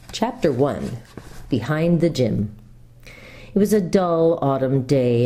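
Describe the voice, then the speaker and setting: A woman pastor reading a children's book aloud, telling it with expressive, lively storytelling. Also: low-pitched, measured pace.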